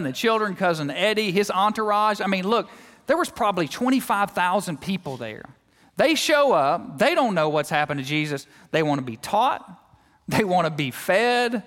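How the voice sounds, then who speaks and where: A male guest preacher giving a sermon in a church, telling lively, joking stories and acting out everyday scenes. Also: high voice, normal speed, big-room sound. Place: church sanctuary.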